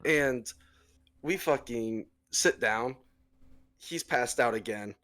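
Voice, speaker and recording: A man's voice: medium pitch, slow pace, pushed and bright. Young man, casual podcast storyteller, curses a lot. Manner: storytelling, heavy swearing. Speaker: podcast co-host. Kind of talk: casual chat.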